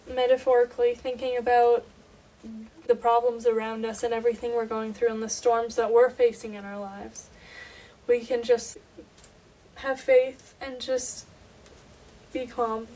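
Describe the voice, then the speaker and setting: Young woman co-host, relaxed, slightly distant. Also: on the high side, measured pace. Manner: earnest, relaxed, reads scripture aloud. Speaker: podcast co-host. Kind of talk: casual faith chat and Bible reading. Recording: voice a bit distant from mic, faint background noise.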